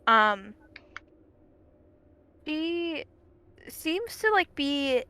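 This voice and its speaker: A young woman narrating a tabletop game as game master, halting with many fillers. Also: high voice, very animated, pushed and bright, no room sound.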